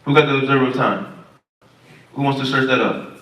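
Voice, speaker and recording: A man's voice: mid-range voice, brisk, a bit bright. A man leading a Sabbath Bible study, talking casually and quizzing the group. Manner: casual, questioning the group, informal speech. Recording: echoey room, far from mic.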